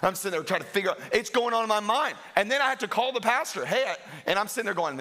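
A man's voice: high voice, lively intonation, fast, sharp tone. A man preaching a sermon as pastor, telling stories with self-mocking humor, laughing and acting out other people's voices. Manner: acts out quoted voices.

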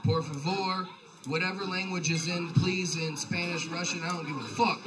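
A man's voice: high-pitched, fairly even intonation, normal speed, distant mic, background noise. A young man doing a rambling, profane stand-up set in a comedy bar. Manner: profane, loose, rambling delivery. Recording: live bar set with crowd laughter.

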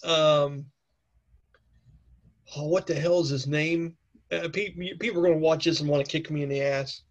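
A man's voice: a little high, fairly even intonation, moderate pace, dull audio. A man with a cold narrating a tabletop game as game master in a chatty way. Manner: chatty, with many fillers and okays. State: has a cold.

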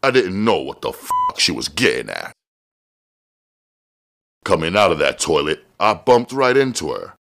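Deep-voiced man reading a novel aloud. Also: a little slow, creaky, pauses often. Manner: expressive storytelling with casual swearing. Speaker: audiobook reader. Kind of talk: first-person novel reading.

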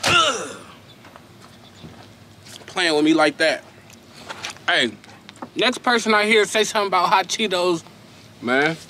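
A man's voice: high voice, animated, moderate pace, pauses often, bright, forceful tone, a little hiss or hum. A young man doing a casual snack unboxing review, slangy and emphatic, often repeating himself.

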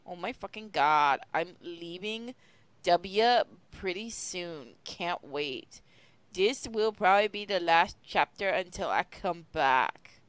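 A woman's voice: fairly low pitch, lively intonation, slow pace, clear, resonant tone, no echo. A woman reading a fan story aloud with friends in a casual, swearing, teasing way. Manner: profane, laughing, teasing. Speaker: group reader.

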